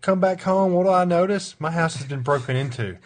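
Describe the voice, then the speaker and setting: A man's voice: fairly high pitch, a little fast. A man co-hosting a casual gaming podcast, telling laid-back stories with dry jokes. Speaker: podcast co-host.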